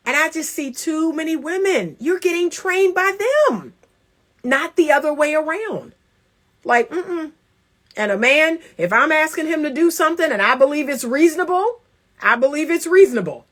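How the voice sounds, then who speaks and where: High-voiced, animated woman coach. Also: normal speed. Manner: animated and emphatic, acts out scenes with playful laughs. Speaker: relationship coach. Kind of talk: casual advice talk to women.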